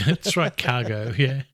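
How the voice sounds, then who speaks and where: A man hosting a podcast, calmly recapping a film's plot scene by scene. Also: medium pitch, slow pace. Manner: relaxed, recaps the plot step by step. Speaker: podcast host. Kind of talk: casual film discussion.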